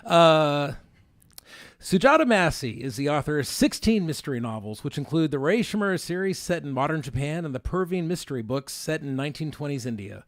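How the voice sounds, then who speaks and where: A man's voice: a little high, lively intonation, fairly quick, no echo, studio quality. A man moderating a bookstore author panel, joking and informal as he introduces the next writer. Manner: joking and informal, with fillers and restarts. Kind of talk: casual introductions.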